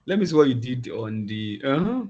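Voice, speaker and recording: A man teaching a class online, talking in halting phrases and often repeating words as he thinks aloud. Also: mid-range voice, very animated, a little mellow. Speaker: instructor. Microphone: video call. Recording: dull lo-fi video call audio.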